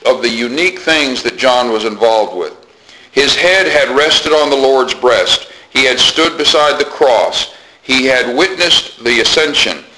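Against a noisy background, a man with a mid-range voice preaches a sermon, teaching in an earnest, deliberate way. He repeats phrases for emphasis and now and then uses fillers.

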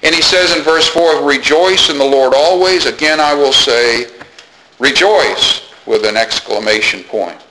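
A male pastor preaching to his congregation with a bright, forceful voice. He speaks earnestly, repeats his key phrases and puts questions to his listeners, with a faint hiss behind him. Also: mid-range voice, low-quality recording. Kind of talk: sermon.

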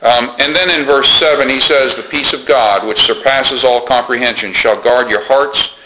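A man's voice: medium pitch, moderate pace, noisy background. A man preaching a sermon as pastor, earnest, repeating key phrases and asking the congregation questions.

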